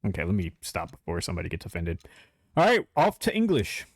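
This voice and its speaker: A man's voice: low-pitched, huge pitch swings, quick pace. A man streaming a game live, chatting casually and talking straight to his chat, laughing easily.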